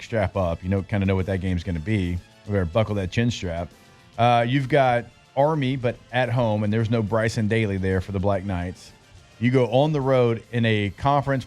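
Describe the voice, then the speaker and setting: A man hosting a sports radio show, talking loosely with lots of fillers as he rattles off team schedules. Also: fairly low pitch. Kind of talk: casual sports talk.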